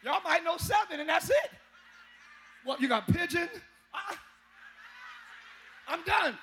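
High-voiced, gravelly preacher man shouting. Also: takes it slowly, slight background noise. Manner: animated, humorous preaching with shouts and chanting. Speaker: pastor. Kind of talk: sermon. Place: church sanctuary.

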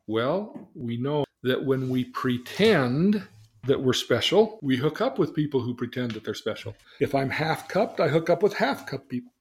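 An older man, a therapist hosting a podcast, telling a client's story conversationally and acting out the dialogue. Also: fairly high pitch. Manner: conversational, acts out dialogue in different voices.

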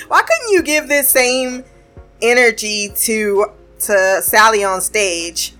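A woman's voice: a little high, animated, slow, sharp tone, soft background music. A woman casually recapping a TV episode. She talks in a chatty way, laughs often and swears freely.

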